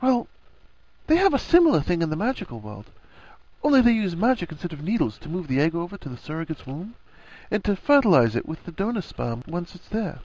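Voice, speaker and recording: A man voicing a clever, gentle young witch who speaks softly and patiently. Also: high-pitched, big pitch swings, a little fast, dry recording, dull audio, voice pushed up. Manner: soft, patient.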